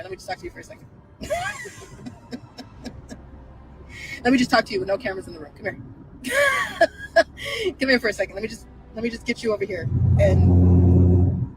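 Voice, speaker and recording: A woman putting on the voice of a two-faced authority figure who coaxes someone to come closer for a private talk, hushed and insincere. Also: mid-range voice, voice pushed down, lightly acted, low-quality recording.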